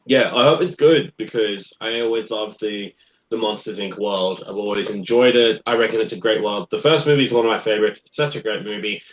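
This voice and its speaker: A man's voice: on the low side, a little fast, highs cut off. Yawning man in a roomy room. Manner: animated, excitable outbursts, reads news aloud. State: sleepy, yawning. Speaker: podcast co-host. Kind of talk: casual chat about movies.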